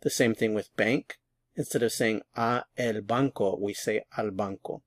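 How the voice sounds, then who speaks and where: A man teaching a language lesson at a board, explaining each form patiently and repeating words slowly. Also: on the low side, fairly even intonation, no room sound, clean studio sound. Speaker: Spanish teacher.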